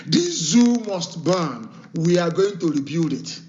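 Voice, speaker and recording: A man's voice: on the high side, expressive, a little slow, darkish tone. A man giving an impassioned live radio address, commanding and repeating his orders for emphasis, his voice still not fully recovered from illness. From Nigeria. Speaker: broadcaster addressing supporters. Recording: dull lo-fi broadcast audio.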